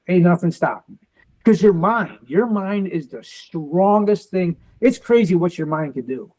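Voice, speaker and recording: A man's voice: high-pitched, moderate pace, dark tone, low-quality recording. A man, a military veteran, telling his story in an interview, acting out the dialogue and sounding defiant and determined.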